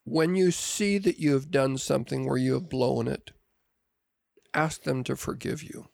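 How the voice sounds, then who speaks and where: A man's voice: mid-range voice, measured pace, creaky, a little mellow, no room sound, clean studio sound. An older man telling an earnest, confessional family story on a podcast. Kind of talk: casual podcast conversation.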